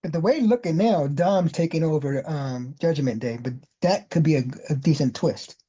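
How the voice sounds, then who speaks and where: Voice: medium pitch, normal speed, dark tone, husky. A co-host in casual chat, giving brief reactions and swearing when surprised. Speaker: podcast co-host. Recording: dull lo-fi recording.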